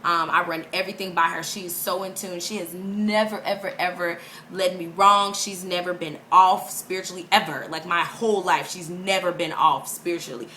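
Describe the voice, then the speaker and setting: A young woman with a bright, forceful voice tells a personal story to camera in an easy, chatty way. She laughs often and acts out quotes, and a faint hiss of noise sits under her voice. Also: lowish voice, fairly even intonation, normal speed, hardly any pauses. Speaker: vlogger. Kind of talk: casual storytelling vlog.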